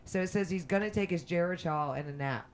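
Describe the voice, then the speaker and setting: A man's voice: fairly high pitch, fast, crowd noise. A man hosting a casual chat, easygoing, prompting the guest and reading viewer comments. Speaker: host.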